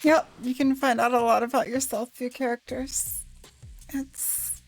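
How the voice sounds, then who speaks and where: A woman co-hosting a visual novel stream, chatting casually, quick to laugh and reflective. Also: sits high, fairly even intonation, faint music behind, low-quality recording. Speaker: co-host playing a visual novel. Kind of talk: casual chat on a game stream.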